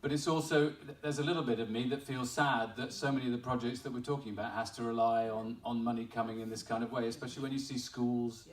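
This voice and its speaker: A man's voice: medium pitch, fairly even intonation, quick pace, few pauses, far from the mic. Chatty man speaking in an echoey hall. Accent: English. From Wales. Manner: chatty, self-deprecating, laughing at his own story. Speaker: member of parliament. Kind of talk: informal speech at an awards ceremony. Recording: echoey hall, voice picked up from afar.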